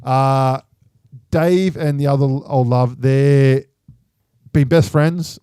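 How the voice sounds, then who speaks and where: A podcast host in casual chat, retelling films in a rambling way full of fillers. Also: male voice, mid-range voice, steady tone, slow, warm tone, smooth, no room sound, clean studio sound.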